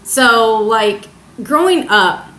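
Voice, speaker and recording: A young woman telling a personal story in a confessional vlog, halting and hesitant, emotional as she searches for words. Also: a little high, lively intonation, bright, forceful tone. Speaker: vlogger. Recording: echoey room.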